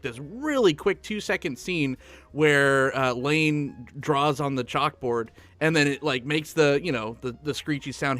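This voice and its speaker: A man's voice: on the high side, a bit bright. A man chatting casually about a film on a podcast, laughing easily. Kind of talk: casual chat.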